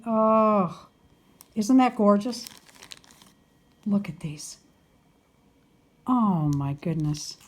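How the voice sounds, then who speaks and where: An older woman unboxing a parcel of doll items and gushing over each piece with delighted exclamations. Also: mid-range voice. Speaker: doll collector vlogger. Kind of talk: unboxing video chat.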